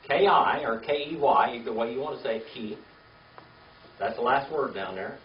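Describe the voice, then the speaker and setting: At a moderate pace and medium pitch, an expressive older man leads a Hebrew lesson, spelling out words patiently and checking in with "okay?" and "all right?" in a coaxing way. The lo-fi recording sounds dull, with a faint hiss, and he seems distant in a roomy space.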